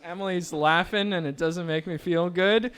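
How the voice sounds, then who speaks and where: High-voiced, bright, joking male emcee. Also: steady tone, normal speed, clean tone. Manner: joking, playful banter with the crowd. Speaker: raffle emcee at a fundraiser event. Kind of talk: live event announcing. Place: indoor event venue with a live audience.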